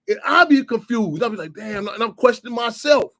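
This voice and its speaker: Fast-talking high-voiced man rambling. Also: animated, fairly bright tone. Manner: rambling, repeats "you know what I'm saying". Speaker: radio show host. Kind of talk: casual monologue.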